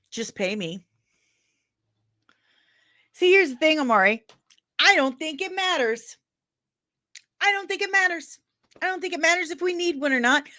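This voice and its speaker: Midwestern woman host in her forties, jokey and ranting, a touch high-pitched, dry room. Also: pushed and bright, dry recording. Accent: Midwestern American. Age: 40s. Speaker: pop culture news host. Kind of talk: casual chat reacting to chat.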